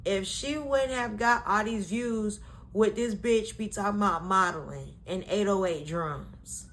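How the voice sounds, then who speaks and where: A woman's voice: mid-range voice, unhurried, fairly bright tone, slight background noise. A woman ranting in a casual commentary vlog, blunt and profane, exasperated, with lots of fillers, recorded on a phone at home. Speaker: vlogger. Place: at home, face cream on.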